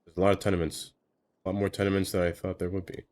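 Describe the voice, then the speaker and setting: Streamer, male, very low pitch, loose rambling self-talk while gaming. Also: flat delivery, quick pace, darkish tone. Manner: rambling, self-talking, trails off with fillers. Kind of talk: casual live-stream commentary while building.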